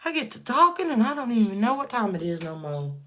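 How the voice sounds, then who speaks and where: A livestream host chats casually with viewers while doing her makeup, excitable and given to loud bursts of praise. Her voice is on the high side, and she talks fast.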